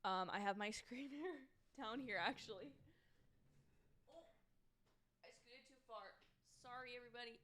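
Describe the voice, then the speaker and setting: A young woman livestreams from home, giving casual watch-along commentary in a fairly bright, somewhat high voice. She talks a little slowly, pauses often, jokes at her own expense and frequently trails off mid-thought.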